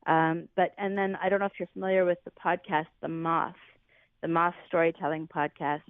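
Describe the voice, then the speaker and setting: A woman's voice: fairly low pitch, flat delivery, a little fast. Woman on a tinny phone line. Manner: rambling, searching for words. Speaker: guest musician. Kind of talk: casual interview chat.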